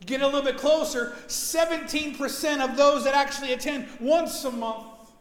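A male pastor preaching a sermon in a church, telling a story with animated, emphatic delivery. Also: very high-pitched, normal speed. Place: church sanctuary. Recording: echoey church hall.

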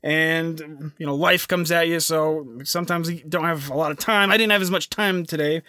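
A man's voice: fairly high pitch, fairly even intonation, normal speed, pushed and bright, clear, resonant tone, no room sound, studio quality. A young man hosting a casual podcast, rambling with lots of fillers and restarts. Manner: rambling, filler-heavy, self-interrupting. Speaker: podcast host.

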